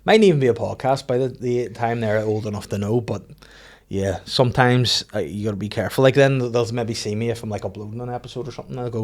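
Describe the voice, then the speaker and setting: A man, hosting a casual podcast chat and swearing freely. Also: fast. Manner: swears freely, acts out his kids in high voices. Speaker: podcast host.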